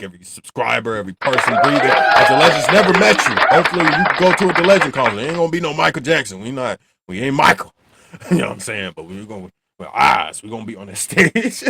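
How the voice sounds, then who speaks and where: This channel host reacts to a film, chatting casually and animatedly, rambling and frequently laughing. His medium-pitched voice is bright and forceful with some vocal fry, and a little hiss or hum sits under the recording.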